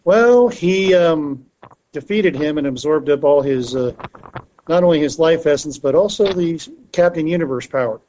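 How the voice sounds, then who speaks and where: A man's voice: on the high side, moderate pace, warm tone, a little hiss or hum, poor audio. A man co-hosting a casual comic book podcast, recapping a story in a rambling way with many fillers and restarts. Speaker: podcast co-host.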